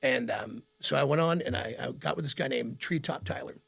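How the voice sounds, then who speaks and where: A man's voice: medium pitch, brisk, gravelly, slightly rough. A middle-aged man with a Midwestern American accent, telling stories in a casual interview and acting out the voices of people he quotes. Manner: animated storyteller, acts out quotes, laughs often. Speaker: radio host and guest.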